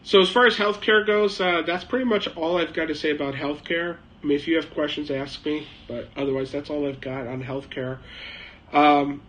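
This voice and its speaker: A middle-aged man hosts a live chat stream from a shed at his home in China, spinning a casual, rambling anecdote packed with uh and um. His voice sits fairly high with a fairly bright tone, and the rough recording carries a little hiss or hum.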